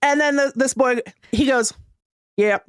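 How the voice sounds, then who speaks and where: A woman with a fairly high voice, co-hosting a casual podcast chat. She tells stories in an animated way and laughs often. Her voice is recorded close and dry in a studio. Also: unhurried, clean tone, no room sound. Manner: animated storyteller who laughs while telling. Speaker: podcast co-host.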